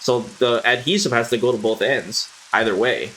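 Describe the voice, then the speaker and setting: Casually chatting while he streams a game, this man rambles to his audience and swears freely. He speaks at a medium pitch and normal speed in a bright, forceful tone, with slight hiss or hum in the audio.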